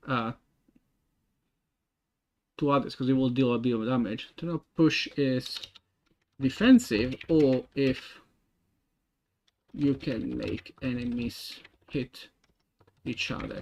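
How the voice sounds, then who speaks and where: A young man with an Italian accent, a game developer thinking aloud while he works, halting with many fillers and restarts. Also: mid-range voice. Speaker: game developer streaming his work. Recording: dull lo-fi stream audio.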